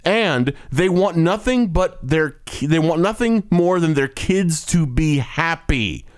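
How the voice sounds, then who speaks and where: A man's voice: on the high side, lively intonation, slow pace. A man co-hosting a casual movie podcast, ranting bluntly and swearing freely. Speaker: podcast co-host. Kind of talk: casual movie review chat.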